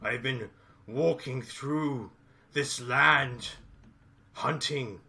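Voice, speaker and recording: A man voicing a gruff male ogre warrior who hunts heretics, speaking in theatrical, solemn declarations. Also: mid-range voice, drawn-out words, sharp tone, full character voice. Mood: grim.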